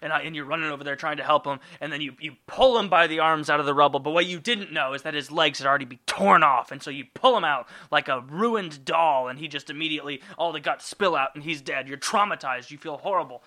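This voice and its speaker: A man's voice: a little high, quick pace, hardly any pauses, bright, forceful tone. A man hosting a podcast alone, rambling in a jokey, profane way. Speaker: podcast host. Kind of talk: casual solo monologue.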